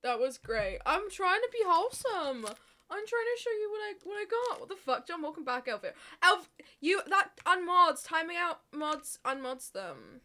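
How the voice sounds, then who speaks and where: A woman's voice: extremely high pitch, very animated, moderate pace, sharp tone. A woman livestreamer chatting casually with her chat, laughing often and swearing freely.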